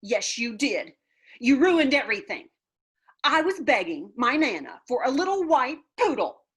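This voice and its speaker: A woman's voice: sits high, sing-song, measured pace, fairly bright tone, breathy edge, pitched above the performer's own voice, heavily acted. A woman voicing a cranky, huffy little girl who complains in a whiny way, in a children's book read-aloud.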